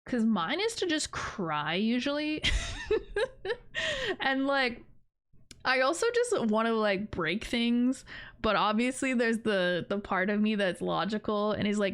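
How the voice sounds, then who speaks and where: A woman's voice: fairly high pitch, expressive, measured pace, clean tone. A young woman livestreaming, chatting casually in a rambling, self-deprecating way with frequent giggles. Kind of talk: casual stream chat.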